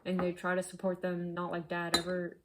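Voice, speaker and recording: A woman's voice: on the low side, monotone, a little fast, noisy background. A woman hosting a casual comedic cooking chat at home, joking and playfully mock-dramatic. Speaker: host.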